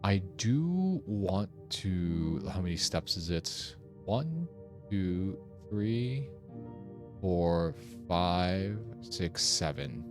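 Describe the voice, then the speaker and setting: Brief: young male streamer, low voice with lively swings, puzzling aloud, faint music behind. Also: extremely slow. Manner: thinking aloud, puzzling over clues. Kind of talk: casual gameplay commentary.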